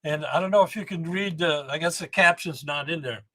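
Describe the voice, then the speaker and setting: Brisk and fairly high-pitched, a seventy-something man interviewed on a storytelling podcast rambles animatedly about his engine-building days, repeatedly breaking off and restarting what he's saying.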